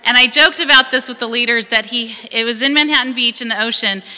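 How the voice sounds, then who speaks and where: A woman in her forties from California tells her personal testimony at a church service. She speaks in a lively storytelling way and acts out the people she quotes. Her voice is very bright and sharp, and it rings with a long reverb from the church hall around her. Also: a little high, fast talker. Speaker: church member giving testimony.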